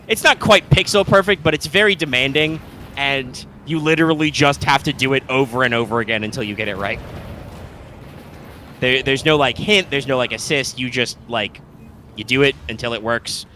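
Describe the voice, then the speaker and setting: Bright-voiced rambling male streamer. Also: mid-range voice, slight background noise. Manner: rambling, profane, lots of fillers and restarts. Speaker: co-host. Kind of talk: casual gaming stream chat.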